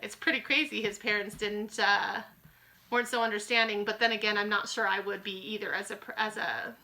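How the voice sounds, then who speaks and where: A woman teacher reading a children's book aloud to her class in an expressive, friendly storytelling way. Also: medium pitch, fairly quick.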